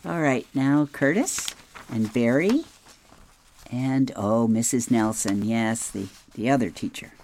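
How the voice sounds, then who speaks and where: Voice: medium pitch, animated, slow, a little mellow, a little hiss or hum. A reader describing comic strips aloud, with chatty asides and chuckles.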